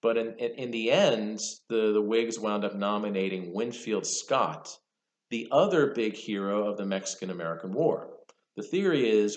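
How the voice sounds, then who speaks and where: Lively lecturing man in an echoey room. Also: on the low side, normal speed. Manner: conversational, lively storytelling with asides. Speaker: history professor. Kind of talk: university lecture.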